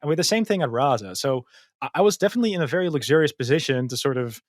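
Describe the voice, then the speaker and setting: This guest on a casual podcast is a male machine learning engineer who speaks rapid-fire at medium pitch, his intonation lively. Though thoughtful, his explanations come out hesitant, packed with fillers like um and like plus many restarts. There's no room sound, just a clean studio recording.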